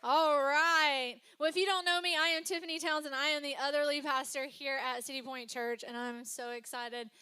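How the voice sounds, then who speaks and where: High, bright-voiced chatty woman pastor. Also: fairly even intonation, moderate pace, few pauses. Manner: chatty, personal storytelling with laughs and asides. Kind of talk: sermon. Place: church stage before a congregation.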